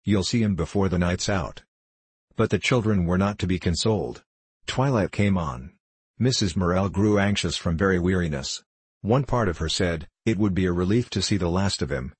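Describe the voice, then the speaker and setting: Man reading a novel aloud, deep voice, super dry close recording. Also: breathy edge, no echo. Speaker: audiobook narrator. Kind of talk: scripted narration of a novel.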